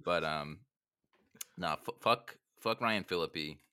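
A man talking through a film with a friend in a loose, joking way, swearing freely. His voice sits fairly low but comes across bright and forceful, with quick bursts of laughter between remarks. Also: clean tone. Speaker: podcast co-host. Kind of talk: casual film discussion.

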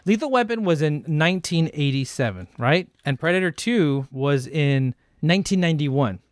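Animated, swearing man chatting films. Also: normal speed, no room sound, studio quality. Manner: animated, profane, swings into high incredulous tones. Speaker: podcast co-host. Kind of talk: casual film chat.

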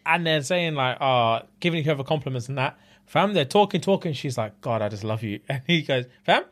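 A man, co-hosting a casual podcast and telling a story in an animated way, full of slang and laughter. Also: medium pitch, a little fast. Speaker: podcast co-host. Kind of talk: casual chat.

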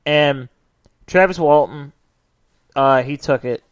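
A man's voice: fairly high pitch, takes it slowly, clear, resonant tone, no room sound, clean studio sound. A man from the Chicago area co-hosting a podcast, blunt and profane in casual chat. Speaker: podcast co-host.

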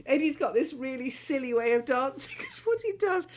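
An older woman in her sixties with a fairly high voice that swoops all over the place. She co-hosts a podcast in casual chat, reacting with exclamations. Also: normal speed, slight background noise. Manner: expressive, exclamatory, laughs often. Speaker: podcast co-host.

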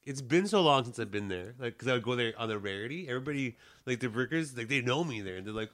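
A man's voice: mid-range voice, sing-song, fast talker, few pauses, a bit bright. A young man from Canada in casual chat, rambling and teasing with frequent laughter.

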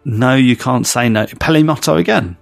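A man's voice: medium pitch, normal speed, creaky, no echo, soft background music. A man co-hosting a casual podcast, cheerful and jokey, laughing a lot. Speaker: podcast co-host.

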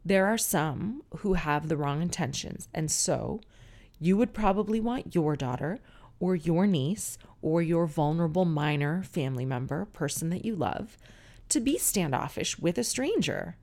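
A middle-aged woman hosts her own podcast in a relaxed solo monologue. Her voice sits on the low side with a gravelly, creaky edge. She tells stories frankly and chattily, with casual swearing. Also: unhurried. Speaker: podcast host.

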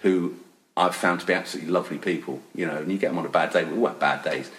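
A man's voice: sits low, rapid-fire, fairly bright tone. Chatty man telling studio stories. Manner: rambling with frequent restarts and laughter. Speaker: session percussionist guest. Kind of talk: casual anecdotal storytelling.

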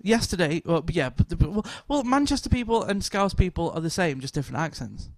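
A man's voice: high-pitched, animated, brisk, dry recording, clean studio sound. A man with a giggly, rambling storytelling manner, chatting casually as a podcast co-host. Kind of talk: casual chat.

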